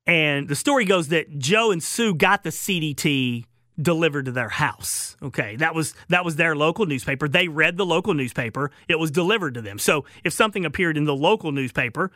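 Southern male radio host, bright and slightly high, rambling and chuckling, dry studio sound. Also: lively intonation, brisk, no echo. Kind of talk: call-in radio storytelling.

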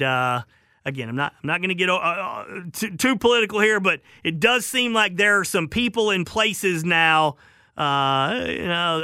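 Southern male radio host, bright and slightly high, rambling and chuckling, dry studio sound. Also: dry recording. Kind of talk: call-in radio storytelling.

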